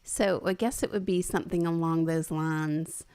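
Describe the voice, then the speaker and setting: A woman in an intimate casual chat with her partner, soft-spoken, giving brief replies and laughing often. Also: low voice, steady tone, normal speed, clean tone. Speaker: interview partner.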